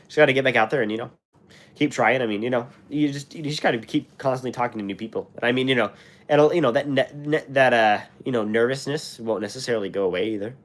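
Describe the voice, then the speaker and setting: Speaking at a quick pace in a medium-pitched voice, this young host from the United States chats on his live stream and reads viewer comments. He's sick, so his throat is scratchy and sore, and he rambles with lots of fillers and restarts.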